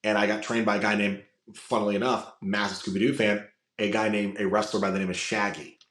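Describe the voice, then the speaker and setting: A man's voice: lowish voice, level tone, a little fast, a bit bright. A man from Florida, a podcast guest, telling long personal stories in a rambling way, full of fillers and restarts. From Florida, USA. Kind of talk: casual storytelling chat. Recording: roomy echo.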